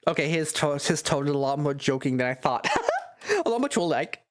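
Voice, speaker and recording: A woman's voice: low-pitched, lively intonation, brisk. Giggly woman streamer reading a dating game. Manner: giggly, chatty, reads narration and lines aloud.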